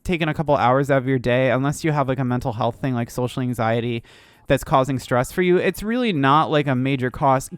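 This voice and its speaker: A woman's voice: deep voice, no echo. A woman hosting casual news commentary, rambling and swearing, with many filler "likes". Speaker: streamer news host.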